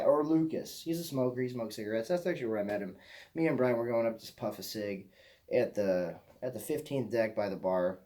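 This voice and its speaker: A man's voice: on the low side, warm tone. A young man from Michigan telling a rambling personal story as a vlogger, swearing casually and often repeating himself. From Michigan, USA.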